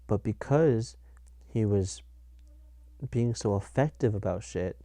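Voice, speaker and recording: A man's voice: on the low side, slow pace, dark tone, no room sound. A young man hosting a casual solo podcast, rambling and correcting himself as he talks. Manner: rambling, self-correcting, laughs at his own jokes. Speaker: podcast host.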